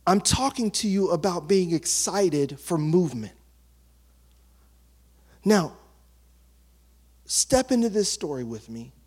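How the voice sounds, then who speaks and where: High-voiced pastor preaching, animated storyteller. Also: male voice, slow, long pauses, breathy edge. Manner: animated storytelling, acting out townspeople's chatter; drops to a hush for emphasis. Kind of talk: sermon.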